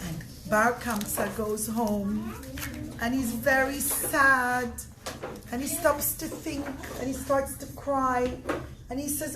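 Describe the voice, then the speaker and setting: A woman telling a story to children, animated, often calling out to them. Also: sits high, slow pace. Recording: echoey room with steady noise.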